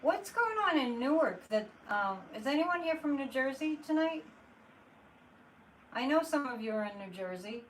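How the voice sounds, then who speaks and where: A woman with a high voice and big pitch swings hosts a casual psychic live stream at a moderate pace. She chats in a loose, exasperated way, answering viewer comments as they come in. The distant mic picks up faint room noise.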